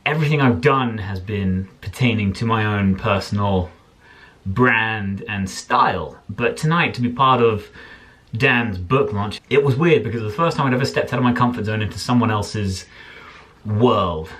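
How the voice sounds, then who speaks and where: A man's voice: lowish voice, fairly bright tone. A man, host of a casual vlog, joking and sarcastic as he narrates his night. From Isle of Wight, England. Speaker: vlogger and event host.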